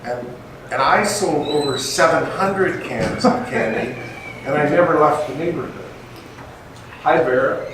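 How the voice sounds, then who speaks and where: Older guy, high-ish voice, lively storytelling talk, echoey room, mic far off. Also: unhurried. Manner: animated, acts out dialogue in the story. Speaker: guest speaker. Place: meeting room with an audience. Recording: echoey room, distant mic, faint noise.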